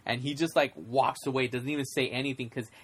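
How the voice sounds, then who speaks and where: Guy rambling thru a movie recap, lots of likes and um, middle-pitched voice. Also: fairly even intonation, breathy edge. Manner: rambling, acts out scenes in quick put-on voices. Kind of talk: casual movie chat.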